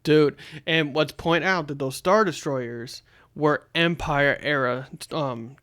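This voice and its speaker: A man's voice: on the high side, slow, a bit bright, smooth. Rambling young man on a podcast. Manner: rambling, many fillers and restarts. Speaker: podcast co-host. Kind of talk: casual chat.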